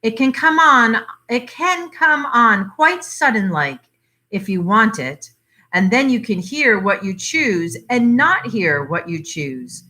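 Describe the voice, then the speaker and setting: A woman doing a cunning old country aunt who speaks in a soft, knowing dialect, her voice swooping with secret amusement. She talks unhurriedly and brightly, as if sharing a long-kept joke. Storybook reading. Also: a little high, big pitch swings, takes it slowly, heavily acted. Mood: confiding. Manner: knowing, chuckling, broad dialect.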